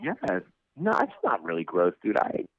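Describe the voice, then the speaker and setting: A man's voice: lowish voice, huge pitch swings, moderate pace, no echo, dull audio. A man co-hosting a casual radio chat, teasing with crude jokes. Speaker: co-host.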